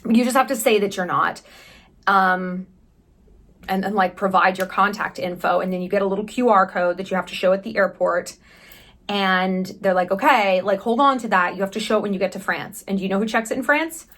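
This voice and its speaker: A woman in her thirties from the United States, chatting candidly in a travel vlog, sarcastic and quick with profane asides. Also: medium pitch, fairly bright tone. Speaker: vlogger. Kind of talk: casual travel vlog chat.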